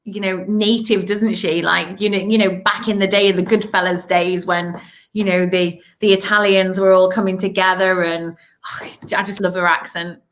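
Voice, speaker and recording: A woman's voice: medium pitch, little pitch movement, normal speed, a bit bright. A woman co-hosting a casual livestream, rambling and enthusiastic with many "you know"s. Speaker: co-host of online festival livestream. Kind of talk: casual chat.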